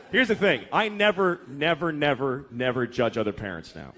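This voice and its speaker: A man's voice: mid-range voice, expressive, normal speed, few pauses, fairly bright tone, a faint crowd, slight background noise. Profane, exasperated stand-up comedian man. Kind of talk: stand-up routine.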